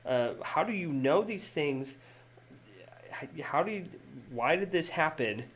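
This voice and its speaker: A man voicing a distraught young woman who shouts accusing questions at a companion in a tabletop game story. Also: fairly high pitch, lively intonation, takes it slowly, pitched above the performer's own voice. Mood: anguished. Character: distraught young woman hero, grieving and angry.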